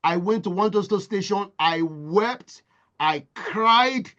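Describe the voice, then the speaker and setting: A Nigerian motivational speaker with a high, sharp voice talks slowly, telling stories with passion and driving them home through emphatic repetition. The sound is lo-fi.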